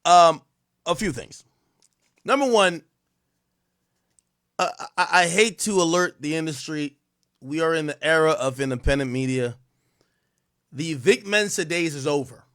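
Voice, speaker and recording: A man hosting a livestream, reacting to a clip in casual, slangy, excitable commentary. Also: a little high. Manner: animated, excitable, slangy, repeats himself.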